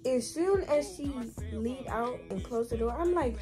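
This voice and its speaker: A young woman with a high voice chats to her viewers in an animated, slangy vlog, swearing freely as she tells her story. Clear music plays behind her the whole time. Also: a little slow, hardly any pauses. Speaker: vlogger.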